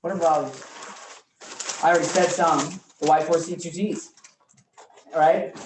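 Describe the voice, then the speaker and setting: A man teaching a real estate class, energetic and often quizzing his students. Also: on the high side, unhurried. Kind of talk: live classroom training talk. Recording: roomy room, mic from far off, faint noise.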